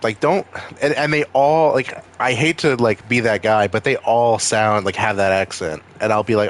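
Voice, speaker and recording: A man's voice: fairly low pitch, fairly even intonation, normal speed. A young man from Maine with a Maine accent, rambling and swearing casually while streaming a game. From Maine, USA. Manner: rambling, profane, wisecracking. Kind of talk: casual gaming stream chat.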